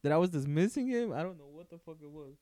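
A man's voice: on the high side, lively intonation, quick pace, mellow, dry recording. A man, co-hosting a podcast, telling a story casually with swearing and laughter. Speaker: podcast co-host. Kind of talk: casual chat.

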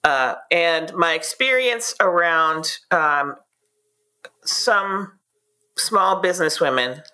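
Woman, interview guest, blunt, animated storyteller, bright forceful tone. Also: on the low side, slow. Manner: blunt, straightforward, animated anecdotes. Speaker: guest PR expert.

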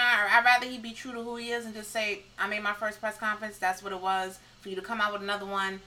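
A woman co-hosting a podcast, blunt and animated in casual chat, with frequent laughs. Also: medium pitch, low-quality recording. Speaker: podcast co-host.

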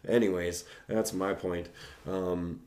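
A man's voice: low-pitched, steady tone, slow pace, darkish tone. A young man telling a casual, profanity-laced anecdote in a rambling way.

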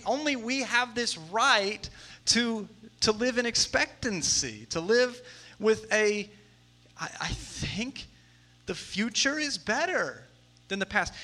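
A man in his thirties preaching a sermon in a conversational way, moving between hushed asides and emphatic stretches. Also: sits high. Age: 30s. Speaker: pastor.

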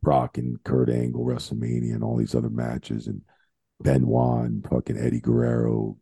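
A man with a very low, gravelly voice and a dark, husky tone tells wrestling-road stories in loose chat, swearing freely and jumping up in pitch when he acts out what others said. He is from New Jersey, and the sound is dry and close. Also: moderate pace, no echo. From New Jersey, USA. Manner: animated storyteller, swears freely, acts out quotes. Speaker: retired wrestling referee, guest. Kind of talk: casual chat.

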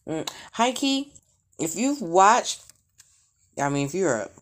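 A woman talking frankly in a casual monologue, rambling and profane, with blunt asides and bursts of mimicry. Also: a bit bright. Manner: mimics sounds with shrill outbursts. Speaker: vlogger.

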